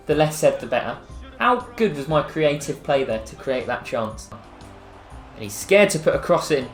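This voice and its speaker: A man's voice: a little high, expressive, normal speed. English man, gameplay commentary, chatty, self-mocking, echoey room, faint music. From England. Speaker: gaming YouTuber.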